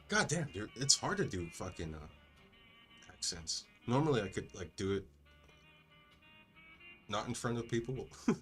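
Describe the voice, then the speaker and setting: A man's voice: mid-range voice, sing-song, measured pace, pauses often, a bit bright, faint music behind. A young man casually commentating a video game, laid-back, swearing and laughing a lot. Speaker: gaming streamer. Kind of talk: casual let's-play commentary.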